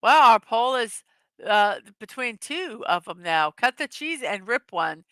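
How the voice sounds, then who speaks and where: Middle-aged woman host, giggly and chatty, unhurried delivery, bright clear voice, dry close sound. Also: on the high side, very animated, dry recording. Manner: giggly, chatty, laughs often at her own jokes. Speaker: host of a daily morning show. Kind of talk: casual chat reading memes to a live audience.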